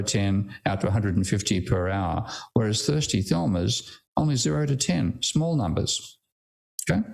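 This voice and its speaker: Older Australian male lecturer, gravelly low voice, blunt irreverent delivery, video-call audio. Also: darkish tone. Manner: blunt, irreverent, swears casually. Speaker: guest lecturer. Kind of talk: online academic lecture.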